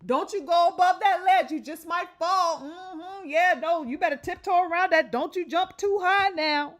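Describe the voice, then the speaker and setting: A woman's voice: extremely high pitch, moderate pace, voice pushed up. A woman putting on the voice of a condescending naysayer who sings out taunting warnings. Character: mocking, fearmongering naysayer, folksy and condescending.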